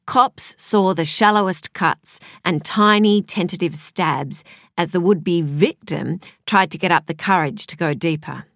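A woman reading a crime novel aloud as audiobook narrator, in a measured, even storytelling manner. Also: lowish voice, creaky, dry recording, studio quality. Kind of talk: scripted narration.

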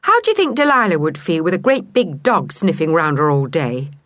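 A woman's voice: low-pitched, sing-song, fairly quick, fairly bright tone, dry recording, clean studio sound. A woman voicing an eager young boy who pleads and protests earnestly.

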